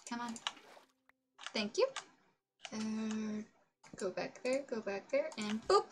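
Chatting casually as she plays, this woman streamer sounds a little high, animated and slow, with a faint hiss or hum in the audio. She's bubbly and self-mocking, tossing out giggly asides and humming sing-song nonsense sounds to herself during her gaming livestream.

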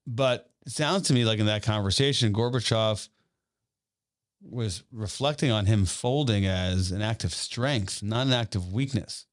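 A man's voice: lowish voice, measured pace. A man hosting an interview podcast, asking long layered questions and often restarting as he frames them. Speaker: podcast host.

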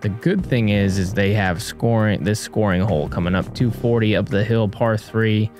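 A man doing casual sports commentary, breaking down shots and joking with his co-host, with excited outbursts. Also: lowish voice, moderate pace, over music. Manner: analytical, jokey, excitable reactions. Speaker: disc golf commentator.

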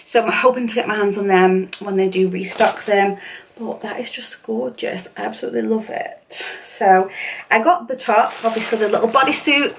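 A woman's voice: medium pitch, slight background noise. Gushing woman vlogging a try-on haul. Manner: gushing, chatty, lots of fillers and repeats. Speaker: fashion vlogger. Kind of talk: casual try-on haul chat. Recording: voice somewhat far from the mic.

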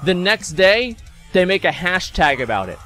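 A man's voice: sits high, very animated, normal speed, bright, forceful tone. A man streaming, delivering a rambling, profane, sarcastic rant, stumbling into restarts as he goes. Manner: sarcastic, mocks people in put-on voices. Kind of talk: ranting commentary.

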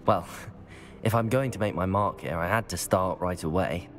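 An actress playing an earnest young student newly arrived at a magic school, speaking eagerly. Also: female voice, extremely low pitch, moderate pace, faint music behind. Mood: friendly. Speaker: player character.

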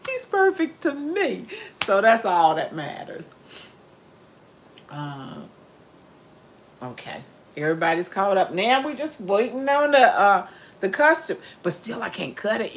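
An older woman with a drawl talks to her livestream viewers in a loose, heartfelt way. She speaks at an ordinary middle pitch, rambling warmly from one thought to the next and reading comments aloud. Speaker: cooking livestreamer. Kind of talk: casual chat.

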